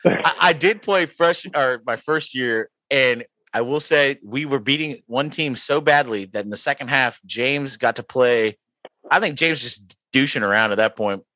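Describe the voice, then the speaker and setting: A man's voice: medium pitch, moderate pace, sharp tone, no room sound. A young man hosting a podcast, chatting casually over drinks, joking and laughing as he rambles through stories. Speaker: podcast host.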